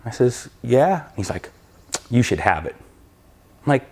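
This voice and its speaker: Man telling a lively racing story. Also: mid-range voice, normal speed, long pauses. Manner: animated anecdote telling, acting out both sides of dialogue. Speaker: drag racing school owner and crew chief. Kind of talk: casual storytelling.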